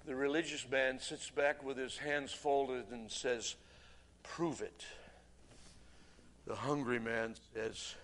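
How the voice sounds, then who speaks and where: A man preaching a sermon, swinging from shouting to hushed, near-whispered urging. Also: mid-range voice, steady tone, slow pace, pauses often. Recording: reverberant hall, faint room noise.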